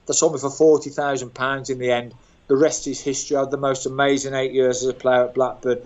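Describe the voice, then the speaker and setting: A man's voice: mid-range voice, fast talker, dull audio. Older man spinning self-mocking football stories. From England, Birmingham. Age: 60s. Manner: animated, self-mocking anecdotes. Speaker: guest, former footballer. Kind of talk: storytelling interview.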